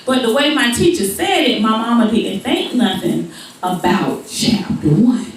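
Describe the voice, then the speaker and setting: A woman comedian telling a story on stage, acting out the people in it. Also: measured pace. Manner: animated, acts out characters with big pitch jumps. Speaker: stand-up comedian. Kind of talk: stand-up storytelling. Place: live comedy venue. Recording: echoey room, mic far off, faint ambience.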